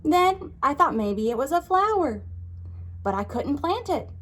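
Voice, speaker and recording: A woman voicing a cheerful little male bird in a read-aloud storybook, in a high, bouncy voice. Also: sing-song, a little slow.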